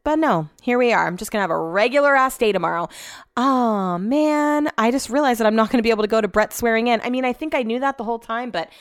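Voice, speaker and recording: A young woman hosting a podcast, telling a story in casual, animated monologue and cursing when annoyed. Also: a little high, fast talker, no echo, clean studio sound. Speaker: podcast host.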